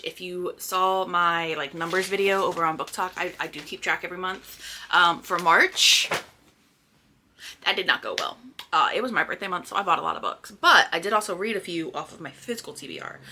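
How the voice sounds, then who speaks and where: A woman's voice: on the low side, normal speed, sharp tone, a little hiss or hum. A young woman chatting casually about books she read, scattered and full of restarts and fillers. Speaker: book vlogger. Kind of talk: casual chat. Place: indoors at home by a sunny spot.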